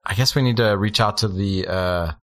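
A man with a bright, forceful voice plays a ship captain in a tabletop game. He talks loosely and playfully, with lots of restarts. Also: lowish voice, moderate pace, slight background noise. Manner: bright, playful, laughs easily. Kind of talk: tabletop role-play.

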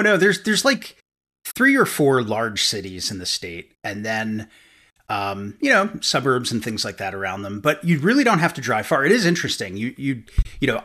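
A man's voice: medium pitch, sharp tone. A man in his forties from upstate New York, a podcast guest chatting casually and rambling with fillers and restarts. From upstate New York, USA.

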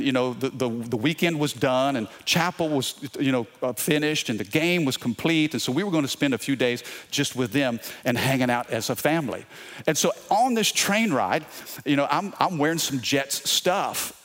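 A man's voice: medium pitch, fairly bright tone. A middle-aged man with a Louisiana accent, preaching a sermon, telling a story and calling out to the congregation. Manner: storytelling with repetitions and crowd call-outs. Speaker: pastor.

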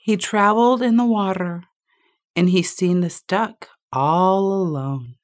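A woman storyteller telling a children's tale slowly and expressively, with lots of repetition. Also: deep voice.

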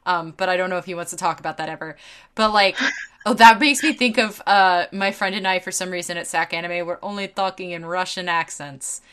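A woman's voice: fairly low pitch, brisk, fairly bright tone, clear, resonant tone. Rambling, laughing woman podcaster. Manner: laughing, rambling, swearing freely. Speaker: podcast co-host. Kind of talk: casual chat.

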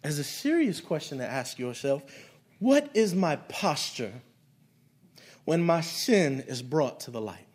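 Guy with a pretty high voice preaching, chatty storytelling sermon style. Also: big pitch swings, unhurried, a little mellow. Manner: conversational preaching with storytelling asides. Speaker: pastor.

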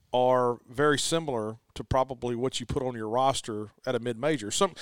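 Casting: mid-pitched male sports host, emphatic and chatty, dry studio mic. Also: no echo. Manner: emphatic, repeats "let me tell you". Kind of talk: casual sports chat.

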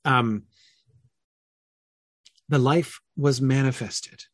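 A man's voice: medium pitch, fairly even intonation, very slow, dry recording. A man leading a casual online Bible study, thinking aloud with many fillers and self-corrections and answering chat comments.

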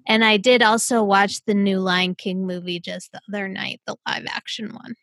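Playful woman host, clue-reader, bright voice, dry booth sound. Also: mid-range voice, fairly even intonation, normal speed, vocal fry, no room sound. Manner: playful, wordplay-loving. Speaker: podcast host. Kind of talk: casual chat, reading crossword clues.

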